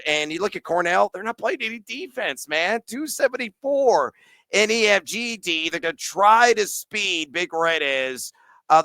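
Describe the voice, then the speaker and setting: An energetic man hosting a sports betting podcast, piling stats on stats at a quick clip and a little out of breath. His voice is bright and crisp, slightly higher than most men's, and sits in a dry, close room. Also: no echo. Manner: fast, energetic, stat-heavy. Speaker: podcast host.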